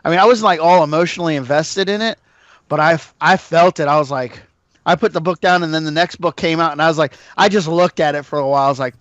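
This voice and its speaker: Guy with a high voice on a podcast, lively storyteller, kinda dull lo-fi audio, dry. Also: fast talker, no echo. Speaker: podcast co-host. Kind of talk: casual chat.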